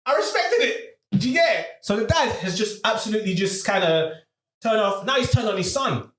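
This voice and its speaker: A man, casually telling a story on a podcast. He is animated and uses a lot of slang, and he acts out the people in his story. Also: high voice, brisk, reverberant. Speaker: podcast host.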